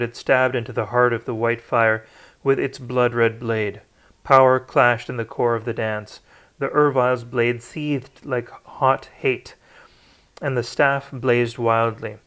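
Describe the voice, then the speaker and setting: A man's voice: medium pitch, a bit bright, clear, resonant tone. A man reading a novel aloud, unrehearsed, with occasional slips and restarts. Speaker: audiobook narrator. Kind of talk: unrehearsed read-aloud narration.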